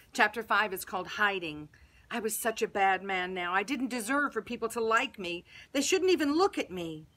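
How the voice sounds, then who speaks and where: A Sunday school teacher reading a children's bible story aloud in first person, dramatic with hushed and loud turns. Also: female voice, medium pitch, animated, normal speed.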